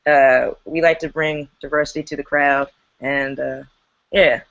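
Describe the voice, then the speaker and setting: A woman's voice: low voice, fairly even intonation, measured pace, gravelly, a bit bright, lo-fi sound, slight background noise. A woman who runs an improv theater, chatting casually and laughing on a video call.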